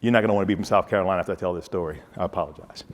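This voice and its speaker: A man's voice: low voice, rapid-fire, in a large hall. Storytelling man giving a motivational speech. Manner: humorous, storytelling, addresses audience directly. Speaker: keynote speaker, former football player.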